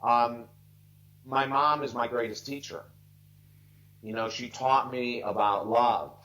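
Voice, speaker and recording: A man's voice: medium pitch, steady tone, slow pace, pushed and bright, muffled recording. A man in his sixties, a life coach, telling stories earnestly and emotionally, near tears, on a video call. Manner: earnest, heartfelt, emphatic. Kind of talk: earnest storytelling interview.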